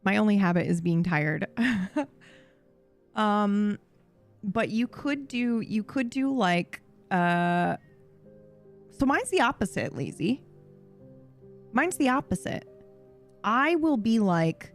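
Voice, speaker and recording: A young woman streamer chatting casually, swearing freely and getting animated and giggly. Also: medium pitch, slow pace, pauses often, soft background music. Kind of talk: casual chat.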